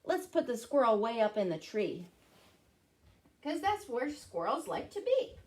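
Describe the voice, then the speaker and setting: A woman, a children's librarian, leading an animated storytime guessing game for kids. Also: a little high, unhurried.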